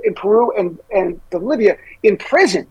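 A man's voice: sits high, expressive, moderate pace, slightly rough, no echo, lo-fi sound. A man speaking as a guest on a political talk show, emphatic and urgent, hammering on key words. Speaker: guest commentator.

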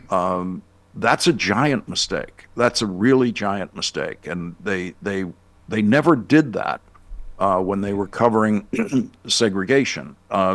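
A man's voice: low voice, dry recording. A man from Boston, a guest news anchor, talking in a casual radio interview and rambling with many restarts and fillers.

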